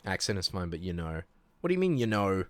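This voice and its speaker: Low-voiced young man with a New Zealand accent. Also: fast talker, no room sound. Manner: relaxed and chatty, laughs easily, trails off and restarts. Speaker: streamer. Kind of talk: casual livestream chat, reading chat aloud.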